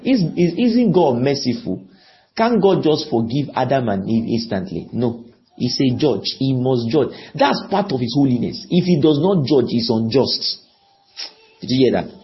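A man delivers a sermon at a slow, deliberate pace, his fairly high voice rising and falling widely. He pleads with his listeners and keeps asking them questions. The recording sounds dull and lo-fi. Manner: emphatic, slow, pleading, asks the audience questions. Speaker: preacher.

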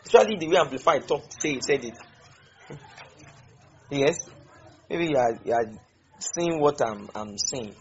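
A man's voice: fairly high pitch, big pitch swings, normal speed, pauses often. A man leading a Bible study, repeating and stressing words as he calls on listeners. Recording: muffled lo-fi recording.

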